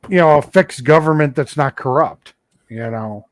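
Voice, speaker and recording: A man's voice: fairly high pitch, moderate pace, no echo. A man in casual chat who talks hesitantly and teases. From United States. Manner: hesitant, teasing.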